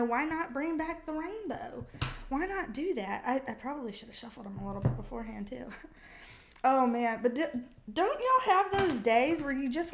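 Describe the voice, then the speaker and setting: High-voiced, giggly, foul-mouthed woman. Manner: profane, giggly, chatty storytelling. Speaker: tarot card reader. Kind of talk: casual tarot vlog chat.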